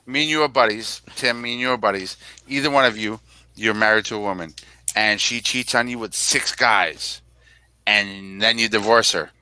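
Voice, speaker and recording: A man's voice: fairly low pitch, normal speed, sharp tone, clear, resonant tone, no echo, rough recording. A man co-hosting a casual sports podcast, ranting in mock anger about football teams. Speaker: podcast co-host.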